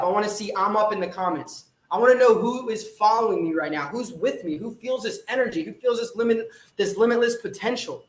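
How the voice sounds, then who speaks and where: A young male fitness coach preaches to viewers of a live stream with fired-up intensity, swearing and repeating lines. His voice sits high for a man. The sound is roomy and echoey. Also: brisk. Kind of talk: motivational live-stream pep talk.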